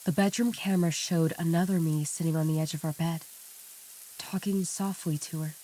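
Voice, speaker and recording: Low, dark-voiced woman narrating horror. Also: steady tone. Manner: measured, somber storytelling. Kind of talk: scripted narration. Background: faint background music.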